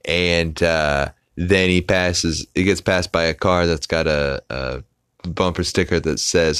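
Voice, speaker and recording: A man's voice: deep voice, steady tone, measured pace, a bit bright, clean tone, no echo, studio quality. A man hosting a podcast, casually recapping a cartoon episode with lots of fillers and restarts. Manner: rambling with many filler "uh"s. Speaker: podcast host.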